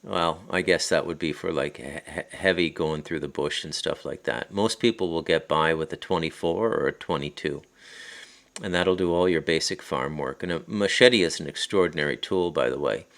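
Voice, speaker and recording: A Canadian man with an Ottawa Valley accent and a low, deep voice tells a story in a loose, rambling monologue. He wanders off on tangents and restarts his sentences often. He speaks into his phone at his home in the countryside. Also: normal speed, fairly bright tone. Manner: rambling, digressive, frequent restarts. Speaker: podcast host and author.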